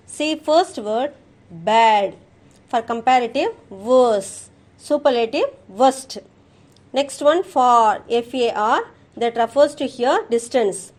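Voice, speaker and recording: A woman with an Indian English accent teaching a grammar lesson, slowly reciting word lists for the class. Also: high voice. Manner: slow, drilling recitation of word forms.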